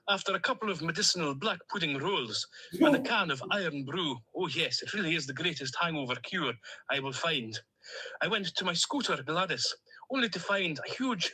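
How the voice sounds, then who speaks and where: A man's voice: fairly high pitch, animated, moderate pace, sharp tone, husky, exaggerated voice, poor audio. A man voicing Dougal, a chatty Stornoway duck. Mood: jolly rambling. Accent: Scottish, Stornoway. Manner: rambling, jolly storytelling. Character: chatty plastic male emotional support duck. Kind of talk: comic voice-note monologue.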